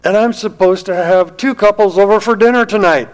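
A man voicing an overwhelmed young housewife near tears, pouring out a rushed, pleading list of complaints during a sermon story. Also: high voice, pitched above the performer's own voice, lightly acted. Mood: distressed.

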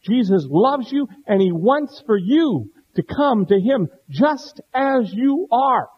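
A middle-aged man preaching a sermon, earnest, dropping to a hush and then rising to stress a point. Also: very high-pitched, sing-song, slow, breathy edge. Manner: earnest, swings between hushed and emphatic. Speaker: pastor. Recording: dull lo-fi sound.

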